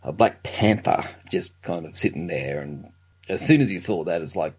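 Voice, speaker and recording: A man's voice: deep voice, moderate pace, breathy edge. Male co-host, mid-range voice, wry and incredulous, stammers into his points. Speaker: film review podcast co-host. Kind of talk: casual chat.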